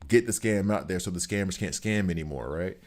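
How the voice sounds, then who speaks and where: A man streaming a game, chatting casually and telling stories in an animated, emphatic way. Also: low voice, a little fast. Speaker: gaming streamer.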